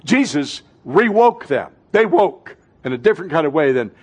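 Fervent preacher, man with a higher voice. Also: big pitch swings, moderate pace, slightly rough. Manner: fervent preaching, swinging between loud and hushed. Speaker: pastor. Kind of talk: sermon.

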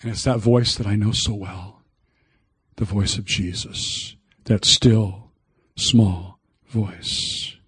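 An older male pastor delivering a folksy sermon at an unhurried pace. He talks emphatically and drifts into old hymns along the way. The sound is dry, with no room echo. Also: on the low side, fairly even intonation, a bit bright, husky.

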